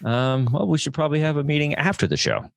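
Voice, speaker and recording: A man's voice: a little high, sing-song, fast talker, gravelly, dry recording. A man hosting a casual podcast over a video call, bossy and joking as he wraps up the show. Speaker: podcast host. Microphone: remote video call.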